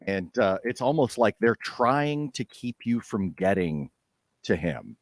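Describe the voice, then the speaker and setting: A man narrating as game master, lively and unhurried, with many fillers. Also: lowish voice, no echo, studio quality.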